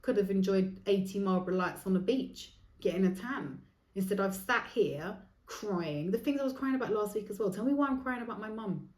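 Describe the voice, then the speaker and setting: A woman in her forties hosts her own podcast, speaking fairly quickly in an expressive mid-range voice with reverb. Her solo monologue is rambling and candid, full of swearing.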